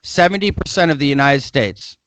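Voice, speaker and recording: A man co-hosting a casual comedy podcast, loud and argumentative, swearing freely and talking over the others. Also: a little high, animated, brisk, a crowd in the background. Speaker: podcast co-host.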